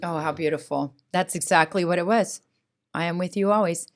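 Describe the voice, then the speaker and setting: A middle-aged woman speaks as a podcast guest, recounting personal experiences with earnest feeling. She talks in an animated way, checking in with her listener with a frequent "right?". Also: on the low side, fairly quick. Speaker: school board president, guest. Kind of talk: emotional personal testimony in a podcast interview.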